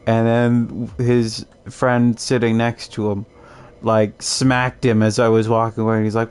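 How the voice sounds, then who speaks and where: A man's voice: mid-range voice, expressive, unhurried, gravelly, darkish tone, clean tone. A young man from Canada chatting casually while streaming a game, laid-back and rambling, often restarting his sentences and chuckling. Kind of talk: casual gaming commentary.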